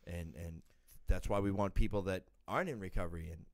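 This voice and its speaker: Low-voiced man hosting a podcast. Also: fairly quick, no echo. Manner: repeats words, restarts, affirming. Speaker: podcast host. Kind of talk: casual chat.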